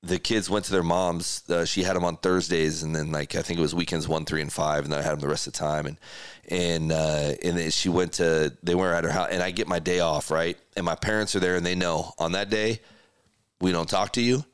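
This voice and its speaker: Earnest deep-voiced man telling his story. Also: fairly even intonation, brisk, smooth, no echo, studio quality. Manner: emotional, earnest, speaks in restarts and quotes. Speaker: podcast host. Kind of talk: candid storytelling in conversation.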